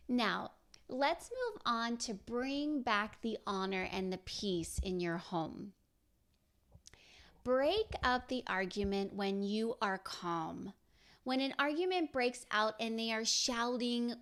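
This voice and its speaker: A woman hosting a podcast, speaking in an earnest, encouraging way straight to mothers. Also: a little high. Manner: slow, earnest and encouraging, addressing mothers directly. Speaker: podcast host. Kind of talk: scripted podcast talk.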